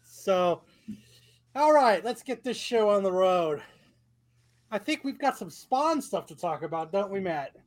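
A man's voice: high voice, very animated, measured pace. A man hosting a podcast, teasing his co-hosts in casual, upbeat chat. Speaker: podcast host.

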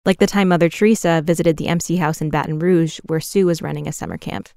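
A woman reads documentary narration in a measured, even manner. Her voice is smooth and resonant and sits fairly low. The recording is dry and close. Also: no echo.

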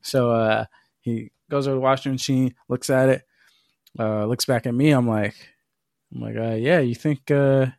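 A man's voice: mid-range voice, fairly even intonation, normal speed, creaky, darkish tone, dry recording, clean studio sound. A man co-hosting a podcast, telling a long, profane story in casual chat. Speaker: podcast co-host.

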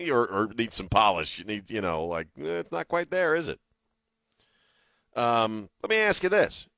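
A man's voice: lowish voice, very animated, a little slow, fairly bright tone, dry recording. Stammering talk radio host man. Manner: stammering, repeats words, chuckles. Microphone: studio microphone.

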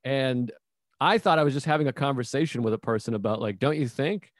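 A man in his thirties hosting a casual podcast interview, musing aloud and asking relaxed follow-up questions. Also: mid-range voice, brisk, no echo, studio quality. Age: 30s. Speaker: podcast host.

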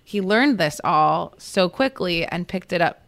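A woman's voice: on the low side, lively intonation, measured pace, gravelly. Chatty woman football reporter. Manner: chatty storyteller, many fillers and restarts. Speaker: podcast co-host, football reporter. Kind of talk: casual chat.

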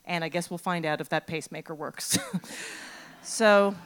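A middle-aged woman telling a personal story on stage, animated and self-mocking. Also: lowish voice, moderate pace, clear, resonant tone. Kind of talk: live storytelling.

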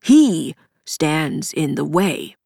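A woman voicing a steady, protective man in an audiobook, speaking softly, carefully and firmly. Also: deep voice, very slow, creaky, no echo, clean studio sound, heavily acted. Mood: calm. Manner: soft, careful, soothing. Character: steady, protective man, soothing but firm. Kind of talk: audiobook character voice.

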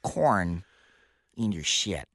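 Man as a rambling mother-of-seven caller, bright and lively, keeps dodging the point. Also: deep voice, slow, no echo, studio quality, pitched below the performer's own voice, exaggerated voice. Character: chatty smoker woman caller, mother of seven. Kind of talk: improvised comedy podcast bit.

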